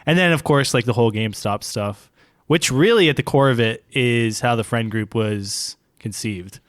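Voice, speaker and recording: A man's voice: mid-range voice, moderate pace, no room sound, clean studio sound. A young man co-hosting a podcast, laid-back and chatty, often laughing as he talks. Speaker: podcast co-host. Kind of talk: casual chat.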